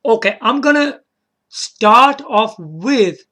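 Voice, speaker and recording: This video game vlogger has a very high, sharp-toned voice and talks slowly yet expressively through a solo video. He wanders from thought to thought, repeats words, checks in with the audience, and chuckles to himself before apologizing.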